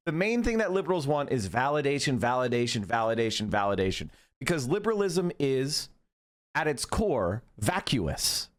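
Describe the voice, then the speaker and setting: A man hosting a live stream, giving political commentary in an animated, profane rant full of tangents. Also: a little high, a little slow. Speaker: streamer host.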